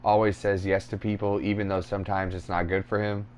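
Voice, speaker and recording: A man's voice: fairly low pitch, fairly quick, slight background noise. A man co-hosting a podcast, telling crude stories in casual chat and acting out other people's voices. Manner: crude, animated, acts out voices in anecdotes. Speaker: podcast co-host.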